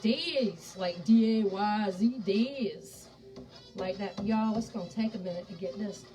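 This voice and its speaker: With faint music playing behind her, a woman hosts a live cooking demonstration from her home kitchen, chatting folksily in the Southern accent of her native Charleston, South Carolina. The distant, slightly off-mic recording is rough, yet her medium-pitched voice sounds warm, fairly even in intonation, and moderately paced.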